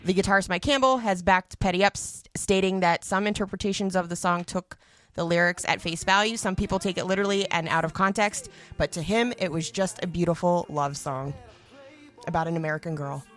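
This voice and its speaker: A woman's voice: lowish voice, a little fast, soft background music. A woman co-hosting a podcast in easygoing, casual chat, often laughing along. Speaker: podcast co-host.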